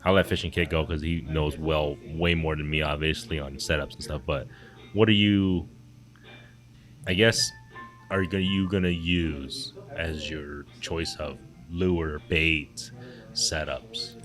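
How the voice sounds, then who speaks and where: A man's voice: a bass voice, steady tone, unhurried, music in the background. A man co-hosting a fishing podcast from a brewery, chatting casually with a rambling, laid-back manner. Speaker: podcast co-host. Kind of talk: casual chat. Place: brewery taproom.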